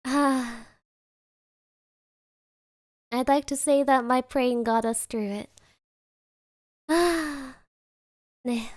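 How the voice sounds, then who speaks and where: A woman's voice: high-pitched, no echo, studio quality. A young woman streaming from home, giggling and rambling as she chats casually with her live chat and reads their messages aloud.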